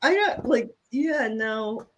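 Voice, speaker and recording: A middle-aged woman co-hosting a podcast, telling personal stories in candid casual chat, with sudden jumps in pitch when she gets worked up. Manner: animated storytelling, quick pitch jumps when upset. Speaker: podcast co-host.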